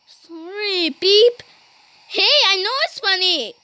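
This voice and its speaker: A woman's voice: high voice, big pitch swings, slow, pushed and bright, slight background noise. A woman giving playful gameplay commentary, bantering with cartoon characters, giggling and saying "beep" in place of swear words. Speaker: gaming YouTuber.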